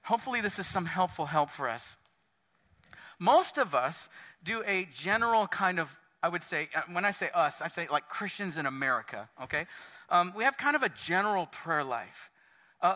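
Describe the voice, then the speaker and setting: Pastor guy preaching, high bright voice, earnest, big hall echo. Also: expressive, normal speed. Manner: earnest, acts out prayers and quotes with shifting pitch. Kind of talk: sermon. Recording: long hall reverb.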